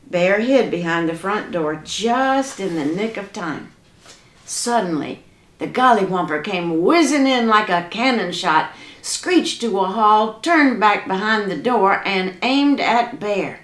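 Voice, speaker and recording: A woman telling a folk tale in a lively, dramatic, folksy way. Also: mid-range voice, slow pace. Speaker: storyteller. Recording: echoey room.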